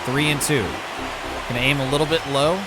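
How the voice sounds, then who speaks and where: A man's voice: medium pitch, fairly even intonation, brisk, very noisy. A man commentating his own video game baseball season, switching between broadcaster-style calls and muttered asides. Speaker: gaming YouTuber.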